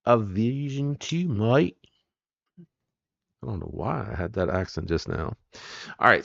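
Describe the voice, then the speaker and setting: A man's voice: low-pitched, dry recording, dull audio. A man hosting a live stream, chatting casually and rambling as he greets viewers by name.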